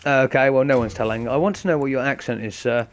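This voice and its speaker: A man hosts a game session, talking viewers through every move in a chatty, explanatory way. His voice sits at a medium pitch, and he speaks directly to the audience. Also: fast talker. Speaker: gaming host. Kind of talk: casual let's-play commentary.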